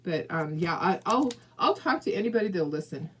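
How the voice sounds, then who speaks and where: Hosting a casual crafting livestream, a southern Californian woman talks straight to her viewers, chatty and encouraging, and laughs often. Her voice is lowish with lively intonation and a brisk pace. There's noise in the background.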